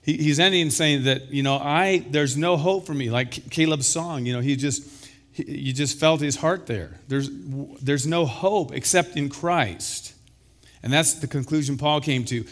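A man preaching a sermon as pastor, slightly hoarse from illness, building to emphatic exclamations. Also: on the high side, moderate pace. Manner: emphatic, rising to loud exclamations.

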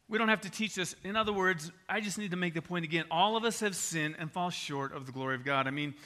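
A middle-aged man preaching. His voice sits a little high and sounds very bright and forceful. He tells homely stories animatedly, with his pitch jumping up at each punchline. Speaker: pastor. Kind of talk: sermon with personal stories.

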